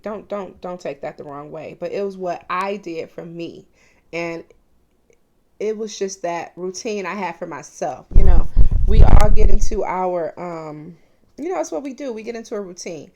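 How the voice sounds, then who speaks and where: A woman in her forties, a mukbang vlogger, talks candidly and openly to her viewers in a casual personal vlog, calling them "you guys." Her voice is medium-pitched with a darkish tone.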